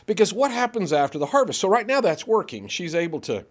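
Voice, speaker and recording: A man leads a Bible class in a church, reading scripture aloud and explaining it. His voice sits a little high, and he grows animated, hurrying when excited before checking himself to slow down. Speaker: preacher.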